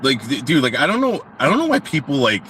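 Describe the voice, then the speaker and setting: A man in casual chat, telling stories with lively, profane delivery. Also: medium pitch, quick pace, far from the mic, a little hiss or hum. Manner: animated, profane storytelling.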